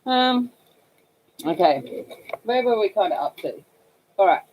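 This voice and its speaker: A woman's voice: medium pitch, lively intonation, a little slow, a little mellow, a little hiss or hum, poor audio. A woman with an Australian accent, hosting a casual livestream and chatting to viewers about slang while she colors. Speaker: livestream host.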